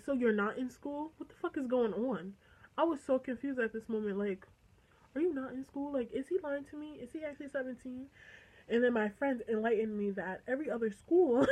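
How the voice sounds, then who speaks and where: Teen girl, casual storytime vlogger, slightly high voice, chatty and animated, swears a lot. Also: poor audio. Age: teens. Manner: chatty, animated retelling with quoted dialogue and swearing.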